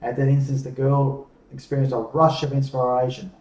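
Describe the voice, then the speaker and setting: Mellow-voiced man reading a storybook aloud. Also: mid-range voice, monotone, far from the mic. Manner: measured, slowing for dramatic pauses. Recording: echoey room, off-mic.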